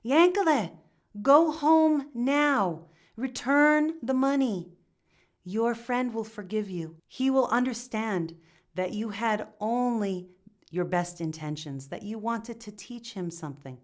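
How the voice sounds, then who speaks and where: A woman voicing a holy older rabbi who speaks slowly, solemnly and reassuringly. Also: fairly high pitch, lively intonation. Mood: gentle. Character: holy old male rabbi, gentle and firm.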